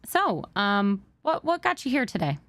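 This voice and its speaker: A woman's voice: mid-range voice, sing-song, slow, fairly bright tone, no room sound. Woman doing a cop in a roleplay, jokey and easygoing, dry close sound. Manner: casual, joking, laughs easily. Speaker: police sergeant character. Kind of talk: roleplay interrogation.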